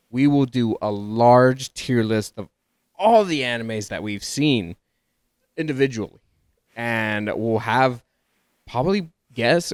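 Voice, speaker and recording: A man's voice: mid-range voice, no echo, studio quality. A man from Texas with a Texas accent, co-hosting a casual podcast and talking animatedly, often tripping over his words. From Dallas, Texas. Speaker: podcast co-host. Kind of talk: casual chat.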